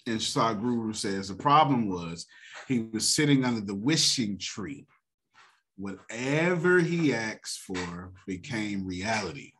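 Male host, motivational talk, wide-ranging animated delivery with a preacher's swing. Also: on the low side, slow pace, slight background noise. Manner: animated, preacher-like, laughs often.

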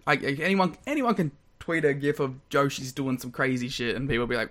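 A man, co-hosting a podcast in casual chat, lively and quick to laugh as he rambles through stories. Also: mid-range voice. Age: 20s. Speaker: podcast co-host.

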